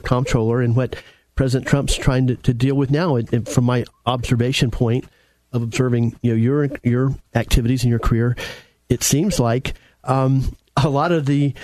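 A man's voice: medium pitch, a little mellow, dry recording. Chatty man hosting a talk show. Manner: chatty, laughs often, stammering restarts. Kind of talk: casual political talk.

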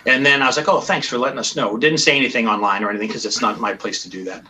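A man's voice: medium pitch, fairly even intonation, rapid-fire, pushed and bright, poor audio. A man guest in casual podcast chat, telling a long story with many restarts. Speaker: band founder guest.

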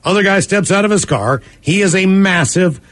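A man with a somewhat high voice hosts a radio show and reads listener emails out loud. His delivery is lively and conversational, with quick asides between the stories. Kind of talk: reading listener emails on air.

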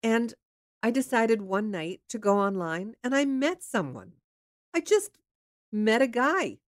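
A woman's voice: fairly high pitch, big pitch swings, measured pace, dry recording, studio quality. A woman from the Pittsburgh area candidly telling a personal dating story in a frank, chatty way, with the odd swear. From Pittsburgh area, USA. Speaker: storyteller sharing her dating life.

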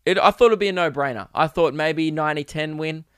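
A young man hosting a casual solo podcast, ranting with animated, profane mock outrage. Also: a little high, fairly quick, clean tone, no echo, studio quality. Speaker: podcast host.

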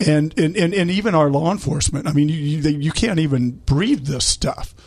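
A male talk radio host reacts to his guest in a rambling way, often repeating words. His voice sits slightly high. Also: fairly quick, darkish tone. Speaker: show host.

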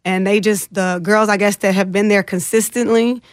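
A woman's voice: mid-range voice, normal speed, dry recording, clean studio sound. A woman guest in an interview, earnestly retelling a distressing personal experience and acting out others' words. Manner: earnest, emotional retelling with animated quoted voices.

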